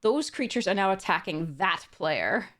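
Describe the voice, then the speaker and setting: A woman's voice: medium pitch, animated, measured pace, a bit bright. A woman talks through a card box opening in a casual, unscripted way. She reads the card text aloud in a mid-range voice and chuckles often. She trips over her words and starts sentences again. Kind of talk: casual unboxing narration.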